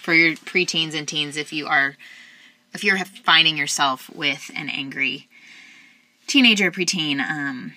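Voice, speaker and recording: A woman hosts an interview with an affirming, heartfelt manner. Her voice sits low but has a very bright tone. The sound is dry and close. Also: measured pace, dry recording. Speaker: podcast host. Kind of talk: casual interview chat.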